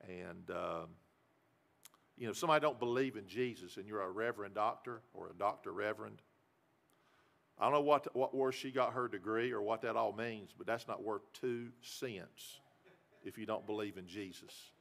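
A man's voice: on the low side, moderate pace, creaky, fairly bright tone. A middle-aged man preaching a sermon, folksy and given to repeating himself. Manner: folksy storytelling, repeats words. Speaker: pastor. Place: church.

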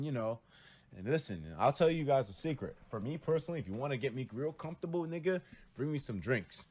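A young man talking casually to his viewers on a livestream, telling stories and acting out quotes with loud jumps in pitch and lots of cursing. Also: brisk, husky. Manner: animated storytelling, acts out quotes with big pitch jumps and cursing. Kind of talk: casual stream talk to viewers.

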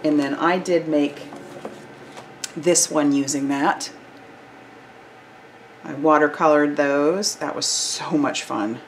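A woman's voice: deep voice, slow pace, pauses often, a little hiss or hum. A woman hosting a card-making channel, chatting enthusiastically through a product review with casual fillers.

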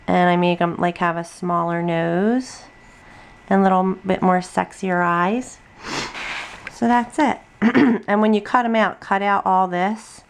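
A tired but chatty middle-aged woman hosts a craft video, rambling through a casual drawing tutorial at her home desk with lots of ums and asides. Her voice is fairly low with vocal fry, picked up by a camera on a tripod at the desk.

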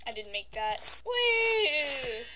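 A woman giving casual let's-play commentary into a desk microphone, chatty and prone to sudden yelps and yelling at the game. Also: on the high side, a little slow, a little hiss or hum. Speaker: gaming YouTuber.

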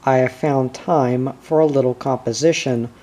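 A man's voice: medium pitch, fairly even intonation, moderate pace, mellow, close to an everyday voice. A man reading the part of a grizzled old bushman poet, sly and mild, in an audiobook.

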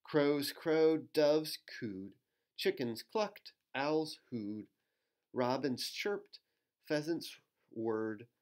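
A man, a pastor, reads a rhyming picture book aloud to children at home, adding gentle, playful asides and making animal sounds. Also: on the high side, animated, extremely slow.

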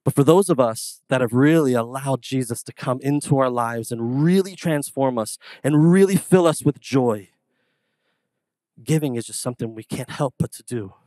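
A man preaching a sermon as pastor, telling casual stories in an animated, conversational way. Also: mid-range voice, moderate pace, no echo. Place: church sanctuary.

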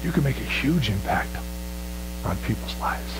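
A man preaching a sermon as pastor, swinging from loud, high exclamations to low, quiet phrases. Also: expressive, normal speed, noisy background.

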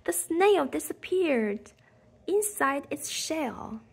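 A woman reading a children's picture book aloud in a soft, half-whispered storytelling manner. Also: high voice, big pitch swings, slow, vocal fry.

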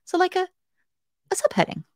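A bootcamp host teaches web development on a laid-back live stream, her voice slightly mellow and her pace moderate. Chatty and playful, she pokes fun at herself and talks right to the chat, captured in a dry, clean studio recording.

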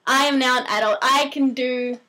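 An eighteen-year-old woman with an Australian accent, chatting excitedly to her vlog camera, giggly and bubbly. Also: high-pitched, moderate pace. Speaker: vlogger. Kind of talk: casual chat to camera.

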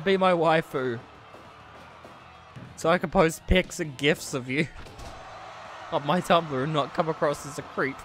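A man with a bright, sharp voice pitched a little high, commentating a wrestling game on a live stream. He swears and laughs a lot and swings from yelling to low muttering, with faint music playing behind him.

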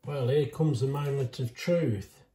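A man with a dark, mellow voice, chatting away in a casual home cooking vlog. He talks to himself and to his viewers, tasting food between remarks. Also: medium pitch, unhurried, slight background noise. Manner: chatty, self-talking, talks with mouth full.

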